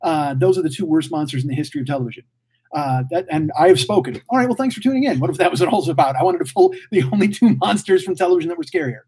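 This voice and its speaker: A man's voice: on the high side, animated, rapid-fire, dark tone, breathy edge. A man in his forties hosting a casual livestream, reading chat and rambling profanely like a mouthy motor mouth. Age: 40s. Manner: mouthy, blurts without thinking. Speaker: podcast host reading live chat.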